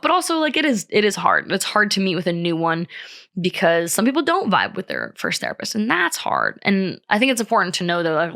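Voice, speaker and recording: A woman's voice: on the low side, bright, forceful tone. A young woman hosting a solo podcast, talking candidly with lots of fillers and frequent swearing. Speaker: podcast host. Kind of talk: casual solo podcast chat.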